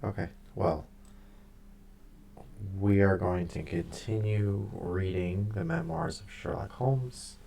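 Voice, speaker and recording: A man streaming live, chatting with his viewers and then reading a book aloud, halting now and then and stumbling over hard names. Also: lowish voice, vocal fry, warm tone, a little hiss or hum.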